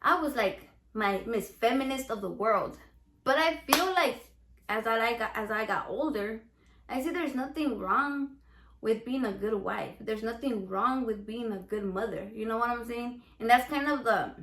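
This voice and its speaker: A woman's voice: a little high, normal speed, fairly bright tone. A Mexican American woman with a Chicano English accent, hosting a casual cooking vlog in a brash, profane, playful way. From United States, Mexican American. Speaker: home cook and salsa seller. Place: home kitchen. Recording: echoey room.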